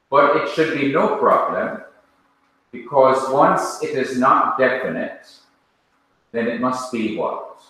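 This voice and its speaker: A man with a Jamaican accent teaching a language class in a classroom, speaking deliberately and quizzing his students with questions. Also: mid-range voice, bright, forceful tone. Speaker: Bible teacher. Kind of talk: classroom lecture. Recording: echoey room, mic far off.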